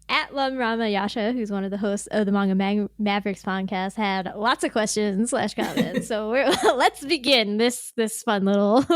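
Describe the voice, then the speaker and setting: A woman's voice: mid-range voice, clean tone, no room sound, studio quality. A woman hosting a podcast in casual chat. She laughs often and acts out quotes in exaggerated voices. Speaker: podcast host.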